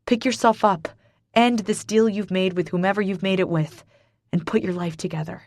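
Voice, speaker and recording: A woman voicing a steady male friend who talks firmly and bluntly to calm someone, in an audiobook. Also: mid-range voice, normal speed, natural voice. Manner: firm, calming, blunt. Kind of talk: audiobook character voice.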